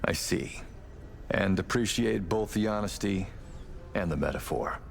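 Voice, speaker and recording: An actor playing a calm, measured man in a video game, speaking in a slow, dry, deliberate way. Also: low voice, creaky, slight background noise.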